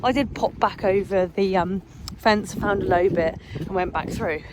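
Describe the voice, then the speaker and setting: A woman's voice: mid-range voice, measured pace. A woman from Hampshire with a Somerset-tinged West Country accent, chatting casually as she explains a day on the beating line. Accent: Somerset-tinged English West Country. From Hampshire, England. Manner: chatty and explanatory, laughs often. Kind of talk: casual outdoor vlog. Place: outdoors in countryside fields and hedges. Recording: noisy outdoor phone recording.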